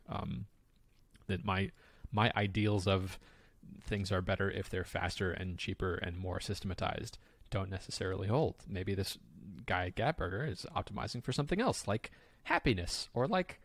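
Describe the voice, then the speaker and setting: A man's voice: lowish voice, gravelly, no echo. A man co-hosting a podcast in casual chat, rambling enthusiastically with many fillers and restarts.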